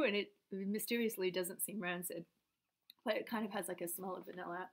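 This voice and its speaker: A woman's voice: lowish voice, steady tone, moderate pace. Woman vlogger with a stuffy head cold, rambling read-aloud with offhand asides. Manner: drifts between reading aloud and chatty asides. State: congested from a cold. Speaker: vlogger reading her father's papers. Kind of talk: casual rambling talk and reading aloud.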